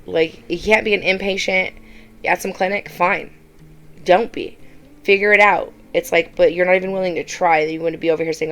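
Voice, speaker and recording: A woman's voice: fairly low pitch, fairly even intonation, moderate pace, fairly bright tone. A woman YouTuber giving casual reaction commentary, blunt and exasperated, often mimicking the people she talks about.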